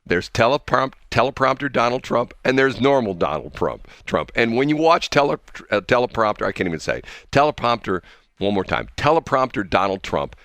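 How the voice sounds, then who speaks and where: A man co-hosting a morning radio show, chatting casually and rambling through animated stories. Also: medium pitch, brisk, few pauses, no room sound. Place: radio studio.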